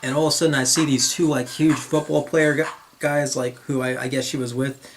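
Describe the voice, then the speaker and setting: A man's voice: medium pitch, flat delivery, brisk, a little hiss or hum. A young man from northern New Jersey with a New Jersey accent, telling a long rambling story to camera, stumbling over and repeating words and laughing to himself. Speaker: vlogger.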